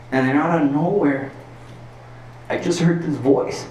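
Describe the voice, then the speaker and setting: A man's voice: mid-range voice, moderate pace, pauses often, slight background noise. A man from El Paso, Texas, telling an earnest personal story on a stage as a stand-up comedian, full of filler words. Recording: roomy sound from a distance.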